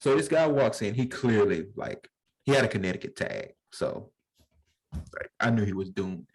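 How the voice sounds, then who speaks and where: A young adult man co-hosting a podcast, telling stories in a slangy, animated way and acting out voices in casual chat. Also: fairly low pitch, moderate pace, poor audio. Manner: animated storyteller, slangy, acts out voices in anecdotes. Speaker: podcast co-host.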